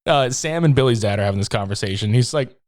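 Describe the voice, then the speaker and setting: A man chatting on a podcast about a film, swinging his pitch widely as he tells the story. He swears freely and laughs often, and he slips into little voices for quoted lines. The sound is dry and close. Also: lively intonation, quick pace, no echo. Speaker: podcast co-host. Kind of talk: casual movie review chat.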